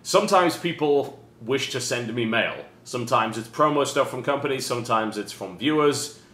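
A British man hosting a casual unboxing chat with dry, deadpan sarcastic humor. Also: mid-range voice, moderate pace. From Britain. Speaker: host. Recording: roomy echo with faint noise.

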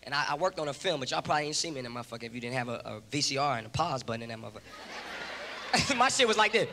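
A man from Long Beach doing a loud, profane stand-up set with animated impressions on a comedy stage. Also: medium pitch, rapid-fire. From Long Beach, California. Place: comedy stage before a live audience. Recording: live club show with a roaring crowd and noise.

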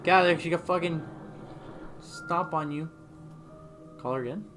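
A woman's voice: sits low, moderate pace, faint music behind. A woman playing a video game with her sister, chatting casually, swearing and teasing. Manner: swearing, teasing, bursts of laughter. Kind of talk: casual gaming banter. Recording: noisy home capture.

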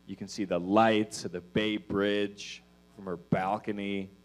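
A man's voice: fairly low pitch, little pitch movement, a little slow. Loose, profane male stand-up comic. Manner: loose, profane, meandering delivery with many fillers. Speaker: stand-up comedian. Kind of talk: stand-up comedy set.

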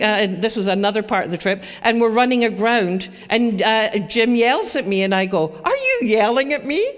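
A middle-aged woman, giving an emphatic, animated presentation to parents and telling stories with asides along the way. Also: a little high. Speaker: presenter on teen brain development for parents. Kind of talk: presentation to an audience. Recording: reverberant hall.

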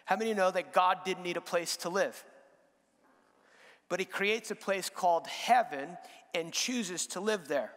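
Man, guest preacher, sermon, very high voice, long church reverb, repeats phrases for emphasis. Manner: builds from low, slow statements to loud, high-pitched emphatic repetition; repeats words and restarts while building a point. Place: church sanctuary.

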